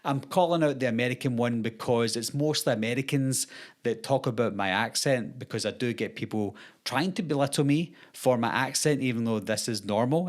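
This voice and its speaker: A Scottish man hosting his channel, talking earnestly and casually straight to camera. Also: mid-range voice. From Scotland. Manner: earnest, conversational, explaining. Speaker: YouTube host.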